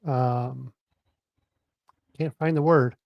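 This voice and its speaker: A man hosting a casual interview podcast, asking questions in a halting way and pausing to search for words. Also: mid-range voice, fairly even intonation, gravelly, dry recording, lo-fi sound. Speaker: podcast host.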